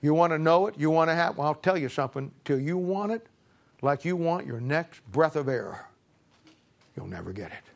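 A man preaching who voices a stern old male sage, asking slow repeated questions for weight. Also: a little high, animated, vocal fry.

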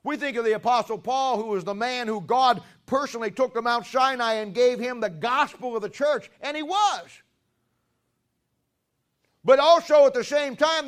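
A man preaching a sermon who questions the congregation and drives his points home with loud, emphatic stresses. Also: very high-pitched.

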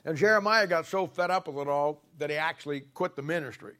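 A man's voice: on the high side, fast, bright, forceful tone. A man preaching a sermon in a folksy, colloquial storytelling way, with emphatic points. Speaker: pastor.

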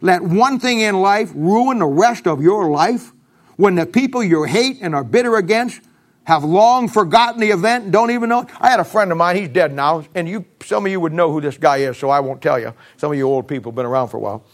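A man's voice: sits high, expressive, fairly quick. A middle-aged male pastor preaching a sermon in a folksy, emphatic, storytelling way.

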